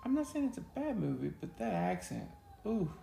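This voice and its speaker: A man's voice: high-pitched, sing-song, a little fast, gravelly, dark tone. A man co-hosting a casual chat, joking and teasing as he talks. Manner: joking, teasing, Southern "y'all". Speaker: podcast co-host. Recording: echoey room with faint noise.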